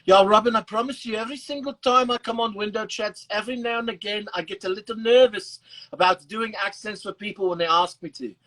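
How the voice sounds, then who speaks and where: Man putting on a South African accent, raised and lively, bright, playful, conversational. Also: high-pitched, a little fast, pitched above the performer's own voice, low-quality recording. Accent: South African, put on.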